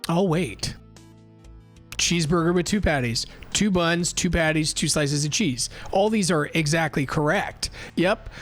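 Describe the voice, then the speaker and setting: A young man streaming live, telling an animated, profane story and reading chat. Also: a little high. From United States. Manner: animated and profane, acts out heated exchanges.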